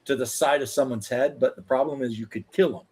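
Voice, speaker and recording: A man chats casually and rambles along, leaning on "like" and "you know" as he goes. His pitch is ordinary and middle of the range. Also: steady tone, a little fast, a little mellow, slightly rough. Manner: loose, rambling, filler-heavy talk. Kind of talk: casual chat.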